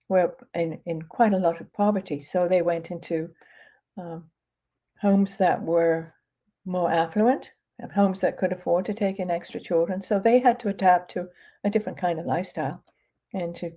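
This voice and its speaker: A woman's voice: fairly low pitch, warm tone. A woman with an English accent talking casually as an author on a live stream, with many fillers and restarts. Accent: English, from near London. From England. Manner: conversational, with frequent fillers and restarts.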